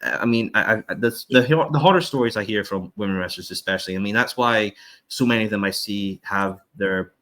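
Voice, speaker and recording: Deep-voiced blunt, sweary man. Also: brisk, pushed and bright. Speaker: podcast host. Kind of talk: podcast interview.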